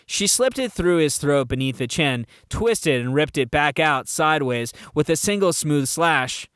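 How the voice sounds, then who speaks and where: Smooth-voiced man narrating an audiobook. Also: a little high, animated, measured pace, a bit bright, dry recording, clean studio sound.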